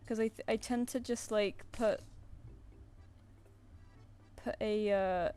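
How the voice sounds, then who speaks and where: A woman with a Southern English accent, from England, chats casually while drawing on a stream from her home flat, where she has a cat, rambling and restarting sentences as she goes. Her voice is medium-pitched, slow, smooth and dark-toned, with fairly even intonation. Faint music plays behind her.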